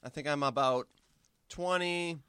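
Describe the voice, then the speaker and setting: A man with a somewhat raised pitch rambles through a casual snack-tasting chat with mock-serious gravity. He restarts his sentences often and talks while still chewing. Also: a little slow, bright, forceful tone, clean tone, no room sound. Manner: talks with mouth full while eating. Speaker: guest.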